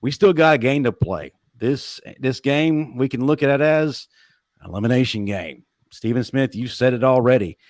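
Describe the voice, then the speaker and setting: A man of middle pitch hosts a sports talk show and presses his guests with probing questions. His voice sounds dry and close, with little room around it. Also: expressive, darkish tone, no echo. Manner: probing, asks rapid questions. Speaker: show host.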